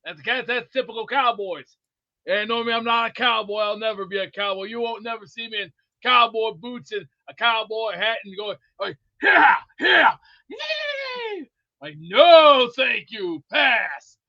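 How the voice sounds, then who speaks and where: A man calling in to a sports show, rambling jokily with sudden loud outbursts. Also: high voice, steady tone, moderate pace, no echo, dull audio. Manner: rambling, jokey storyteller with sudden loud bursts. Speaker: caller. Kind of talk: rambling call-in chat.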